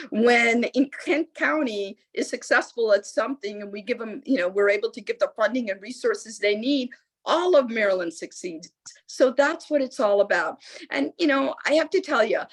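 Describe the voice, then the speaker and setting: A middle-aged woman from the United States, a lieutenant governor speaking as a guest, telling a story with lively acted-out voices. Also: medium pitch. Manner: animated storyteller acting out quoted voices. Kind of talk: storytelling answer at a public talk.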